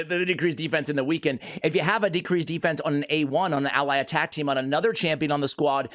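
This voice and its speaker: A man hosting a gaming video, giving casual, excitable commentary on a character build and fights, joking at his own expense. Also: fairly high pitch. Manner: excitable, jokey, self-mocking.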